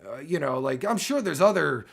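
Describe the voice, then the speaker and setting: A man in his forties rants with a gravelly, fry-laden voice that swings widely in pitch. He rambles and swears constantly, cutting himself off and restarting. His voice sounds worn, like he is losing it. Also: sing-song, normal speed. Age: 40s. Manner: loose, rambling, heavy swearing, keeps breaking off mid-sentence. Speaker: online video creator. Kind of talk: profane rant to camera.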